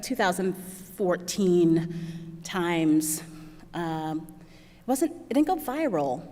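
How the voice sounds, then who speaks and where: A woman's voice: lowish voice, in a large hall. A woman giving a keynote talk, telling personal stories in a chatty way, laughing often and acting out what other people said. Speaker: keynote speaker. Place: large lecture hall.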